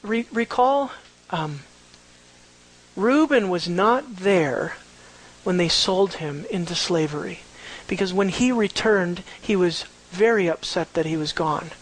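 A man preaching a verse-by-verse Bible teaching, animated and conversational, full of rhetorical questions. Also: high voice, slow pace, low-quality recording.

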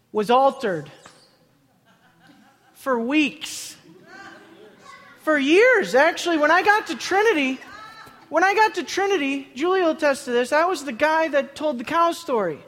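A man telling a funny personal story to a live audience, excitable, often laughing through his words and repeating himself as he goes. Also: very high voice, slow pace, pauses often. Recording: long hall reverb.

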